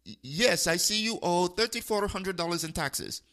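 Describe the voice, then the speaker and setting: A man imitating a male phone scammer with a heavy accent, speaking stiff, broken English in a higher voice. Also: lively intonation, moderate pace, bright, forceful tone, exaggerated voice. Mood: insistent.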